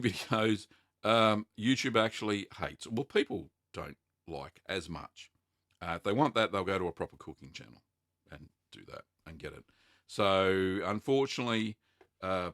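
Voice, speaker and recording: A man, hosting a casual live-stream Q&A, answering viewer questions in an unhurried, chatty way with plenty of ums. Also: deep voice, fairly bright tone, dry recording, clean studio sound. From Australia.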